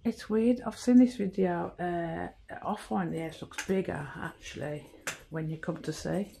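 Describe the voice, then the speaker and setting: Slow, gravelly woman. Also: on the low side, mellow, slight background noise. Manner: chatty, admiring, slow, pausing with ums. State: out of breath. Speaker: vlogger giving a house tour. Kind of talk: casual house tour narration.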